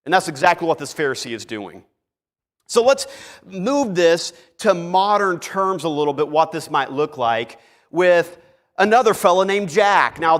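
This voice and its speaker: Male pastor, fairly high voice, animated sermon, long church reverb. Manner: animated storytelling, acts out characters. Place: church sanctuary.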